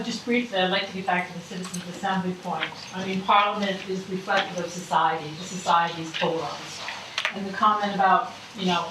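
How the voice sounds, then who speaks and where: A woman with a lowish voice asks a deliberate question from the audience and repeats her words as she goes. She sounds far off in a very echoey hall. A faint hiss of noise sits behind her. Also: a bit bright. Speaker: audience member asking a question. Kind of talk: public Q&A question. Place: public meeting hall. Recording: very echoey hall, distant mic.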